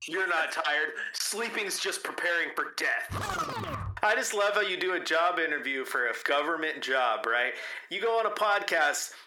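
A man co-hosting a casual podcast, telling stories in an animated way and acting out the quotes. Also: on the high side, moderate pace. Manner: animated storytelling, acts out quotes. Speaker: podcast co-host. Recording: echoey room with noise.

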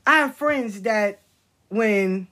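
A woman's voice: mid-range voice, drawn-out words, a bit bright. A woman giving a blunt, profane monologue as a spiritual content creator, telling stories and preaching about honesty. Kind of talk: casual livestream monologue.

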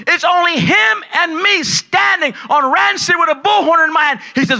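A man preaching a sermon as pastor, loud and excitable, dropping from shouts to low asides and acting out the people in his stories. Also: normal speed, creaky, hardly any pauses. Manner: acts out dialogue in his stories. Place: large church hall at a conference.

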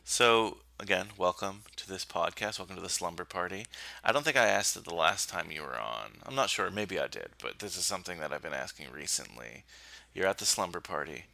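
A man's voice: low-pitched, brisk, creaky, dry recording. A man hosting a podcast in casual chat, talkative and laughing often. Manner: chatty, laughs often, lively delivery. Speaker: podcast host.

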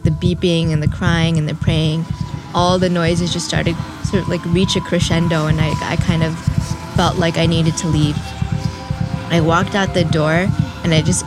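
A young woman recounts a personal memory in an interview, pausing, restarting and reaching for words. Her voice sits a little low, with faint music playing softly underneath. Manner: reflective, halting, many fillers and restarts. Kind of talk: personal recollection.

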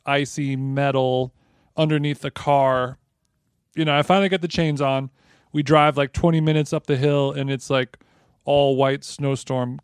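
A man co-hosting a podcast, telling a long story in casual chat, animated and rambling with frequent restarts, close on the mic. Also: medium pitch, clean tone, no room sound. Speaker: podcast co-host.

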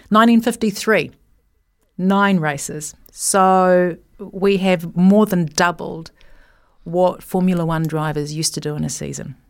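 A chatty woman with a lower, gravelly voice, talking casually and jumping from aside to aside. Her voice is close and dry, with little room sound behind it. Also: no room sound. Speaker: guest commentator. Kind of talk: casual chat about motor racing.

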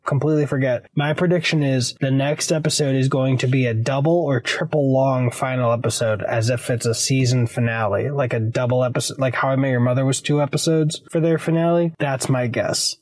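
A man's voice: medium pitch, no room sound, rough recording. A man co-hosting a podcast, chatting casually in a rambling, joking, self-mocking way and laughing often. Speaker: podcast co-host. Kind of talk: casual chat about a TV show.

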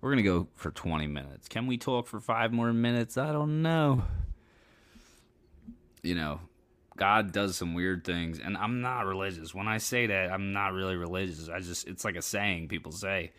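A man's voice: sits low, moderate pace, fairly bright tone. A tired man talking casually on his solo podcast, rambling loosely and swearing now and then. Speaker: podcast host.

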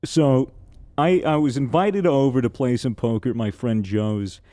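A young man chats on a podcast and tells a long story with lively energy, swearing freely as he goes. His voice sits in the middle of the range, recorded close and dry with no room sound. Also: medium pitch, moderate pace, no echo. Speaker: podcast host. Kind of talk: casual podcast chat.

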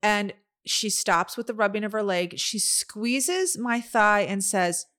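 A woman's voice: mid-range voice, takes it slowly. A middle-aged woman co-hosting a podcast, telling family stories in casual chat and acting out the dialogue. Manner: animated storyteller, acts out quoted dialogue. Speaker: podcast co-host.

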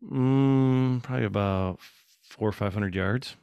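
A man in his thirties chatting casually, telling a story with lively acted-out quotes. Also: mid-range voice, unhurried, vocal fry, smooth, highs cut off. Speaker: guest. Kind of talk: casual conversation.

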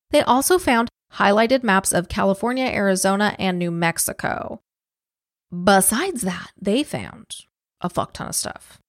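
A woman's voice: mid-range voice, no echo, studio quality. A woman co-hosting a podcast, telling a true-crime story in a casual, profane, chatty way and laughing easily. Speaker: podcast co-host.

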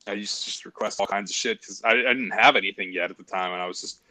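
A man's voice: low voice, steady tone, quick pace, pushed and bright, no echo, rough recording. A man chatting as a guest, telling a story and laughing through it. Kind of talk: casual storytelling chat.

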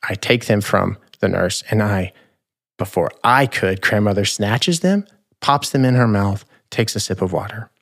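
A man in his thirties, a podcast host, telling a personal story in a measured, reflective, tender way. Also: lowish voice, a bit bright. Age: 30s.

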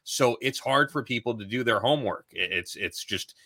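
A man's voice: mid-range voice, normal speed, pushed and bright, dry recording. A man co-hosting a podcast, explaining things earnestly in casual chat. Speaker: podcast co-host.

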